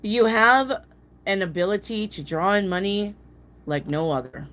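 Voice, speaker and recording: A woman does casual live tarot readings, answering viewer questions bluntly, swearing freely and mimicking people in a high voice. She's animated and speaks at a measured pace over a noisy background.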